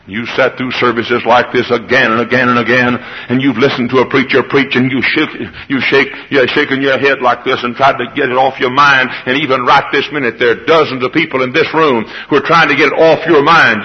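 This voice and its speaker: A man preaching a dramatic revival sermon, hammering repeated phrases and swinging from ringing shouts down to hushed, near-whispered lines. His voice sits at a middle pitch. The recording is dull and lo-fi, like an old radio broadcast. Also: a little fast, few pauses. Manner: dramatic, repetitive cadences swinging from loud shouts to hushed tones. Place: church service.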